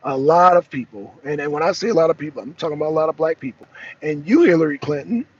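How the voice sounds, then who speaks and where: A man's voice: fairly high pitch, lively intonation, quick pace, husky, muffled recording. A man hosting a political talk show, giving casual, emphatic commentary and talking straight to his chat, often repeating himself.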